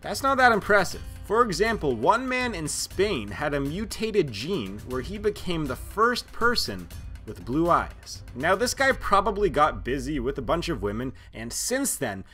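A man's voice: on the high side, sing-song, a little slow, sharp tone, faint music behind. A man hosting a casual science commentary video, chatty and jokey as he explains.

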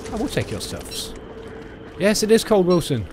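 A man commentating on a video game he is playing, excitable and sweary, often yelling at the game. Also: high-pitched, normal speed, background noise. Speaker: let's play gamer. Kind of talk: gameplay commentary.

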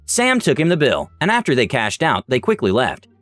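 A man reading online stories aloud as narrator, with a wry, deadpan delivery. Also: mid-range voice, normal speed, dry recording, faint music behind.

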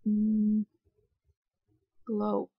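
Yawny woman playing a hidden object game, husky voice, dry close sound, kinda annoyed. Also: medium pitch, completely flat delivery, very slow, no room sound, narrow, tinny audio. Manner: sleepy, yawning, mildly exasperated muttering. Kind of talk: casual let's-play commentary.

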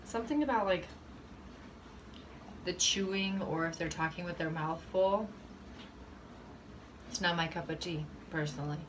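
A woman's voice: on the low side, moderate pace, pauses often, noisy background. A young woman chatting casually to her vlog camera in a rambling way, with lots of fillers and small laughs. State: shivering with cold. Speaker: vlogger. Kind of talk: casual chat.

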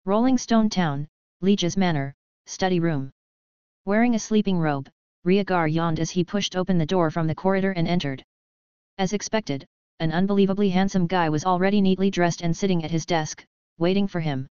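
A woman reading an audiobook as narrator in an even, steady manner. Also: lowish voice, clear, resonant tone, no room sound. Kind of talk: scripted narration. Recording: dull lo-fi dry audio.

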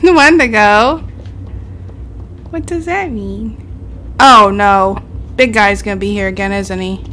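A woman's voice: medium pitch, takes it slowly, long pauses, bright, forceful tone, a little hiss or hum. A woman streamer giving chatty, jumpy let's play commentary, talking to her viewers and shrieking when startled. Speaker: gaming streamer.

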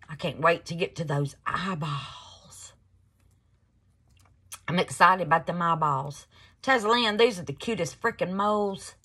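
A woman's voice: fairly low pitch, measured pace, sharp tone, husky. A woman hosting a casual crafting vlog, gushing over her work and calling viewers baby and y'all. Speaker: resin crafting channel host.

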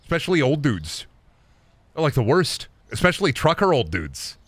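Bright-voiced young man ranting on stream. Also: on the high side, normal speed, dry recording. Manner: animated, rambling, swears freely. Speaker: game streamer. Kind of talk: ranting livestream commentary.

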